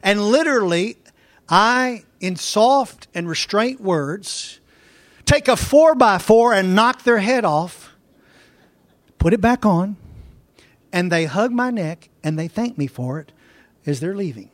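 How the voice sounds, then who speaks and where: A man pastor preaching a sermon, telling folksy stories and slowing down to read scripture verse by verse. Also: high voice, animated, no echo.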